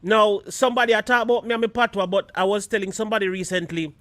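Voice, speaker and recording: A man's voice: sits high, steady tone, fast talker, fairly bright tone, no room sound. A Jamaican man hosting a live stream show, chatting casually and mixing patois with standard English.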